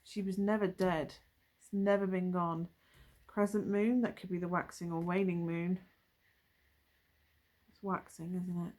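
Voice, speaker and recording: A woman's voice: lowish voice, steady tone, a little slow, long pauses, a little mellow. Musing woman reading tarot. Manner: musing, thinking aloud with trailing asides. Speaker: tarot reader. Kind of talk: casual tarot reading to camera.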